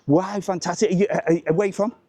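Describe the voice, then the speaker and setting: A man's voice: high-pitched, steady tone, quick pace, warm tone, dry recording. A man hosting a live walking travel vlog, chatting upbeat and greeting passers-by on an outdoor street. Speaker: travel vlogger host.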